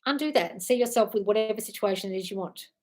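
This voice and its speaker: A woman's voice: mid-range voice, fast, a little mellow. An Australian woman hosting a live-stream Q&A, reading out comments and answering bluntly but affectionately, calling listeners darling. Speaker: manifestation coach.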